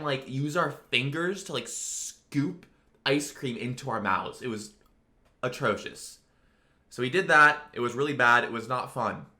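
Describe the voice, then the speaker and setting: A man's voice: medium pitch, sharp tone. A young man casually telling a personal story, rambling with lots of fillers. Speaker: storytelling video creator.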